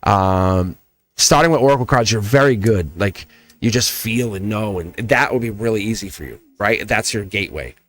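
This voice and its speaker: A man's voice: lowish voice, normal speed, a bit bright. A man with a Southern accent, reading tarot on a casual livestream and talking straight to his viewers, laughing often. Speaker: tarot reader.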